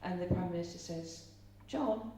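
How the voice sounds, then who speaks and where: A woman's voice: lowish voice, normal speed, mellow. A middle-aged woman from Ireland giving a live seminar talk, chatty and storytelling, asking the audience questions. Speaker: seminar speaker. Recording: roomy echo, speaker far from mic, faint hum.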